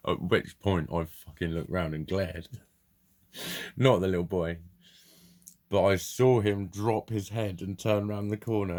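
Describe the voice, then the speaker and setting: Low-voiced man ranting freely. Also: a little mellow. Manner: rambling, heavy swearing, blunt. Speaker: vlogger. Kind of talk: casual vlog monologue.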